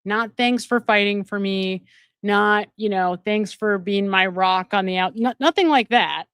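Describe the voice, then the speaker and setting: A woman's voice: mid-range voice, unhurried, fairly bright tone, clean tone, dry recording. A woman hosting a live stream. She reads out viewer donations and gives commentary, repeating phrases for emphasis. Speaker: host and addiction counselor.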